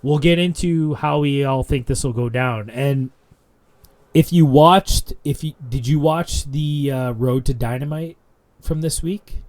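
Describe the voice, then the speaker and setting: A man's voice: medium pitch, unhurried. Chatty male wrestling podcast co-host. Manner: rambling, animated retelling with restarts. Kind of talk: casual wrestling podcast chat.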